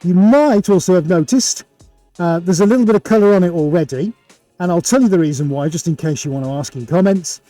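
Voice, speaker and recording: Middle-aged man, art stream host, fairly high voice, mellow tone, jokey and energetic. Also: fairly quick, no room sound, soft background music. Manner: jokey, chatty, energetic showman. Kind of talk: upbeat live presenting. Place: home art studio with several cameras.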